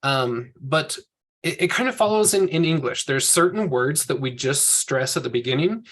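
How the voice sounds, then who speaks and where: A man's voice: on the high side, expressive, normal speed, a bit bright. Patient man teaching a language class. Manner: patient, explains step by step, self-correcting. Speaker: Hebrew teacher. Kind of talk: online group language lesson.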